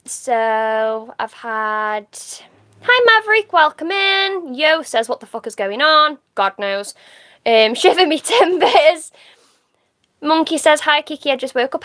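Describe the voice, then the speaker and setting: A high-pitched woman talks through a casual livestream, picking out viewer comments and answering each in turn. Her talk is chatty and quick to laugh, with swearing dropped in offhand. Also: pushed and bright. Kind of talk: casual live-stream chat reading comments.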